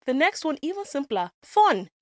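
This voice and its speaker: A woman's voice: fairly high pitch, moderate pace, no echo, clean studio sound. A woman co-hosting a podcast in casual chat, playful and teasing as she tells stories. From Nigeria. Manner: playful, teasing, animated storytelling. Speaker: podcast co-host.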